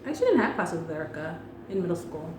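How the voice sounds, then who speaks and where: A woman's voice: on the low side, very animated, rapid-fire. A young woman chatting casually with a friend, laughing often and acting out quotes with animation. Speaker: podcast host. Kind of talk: casual chat. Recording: echoey room with faint background noise.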